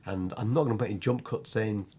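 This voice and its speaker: British man from Lancashire, low husky voice, casual rambling course-intro host who gets sidetracked easily. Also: steady tone, fast, warm tone. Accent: British English. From Lancashire, England. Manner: rambling and easily sidetracked, with many fillers and restarts. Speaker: illustrator and online course teacher. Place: drawing room at home.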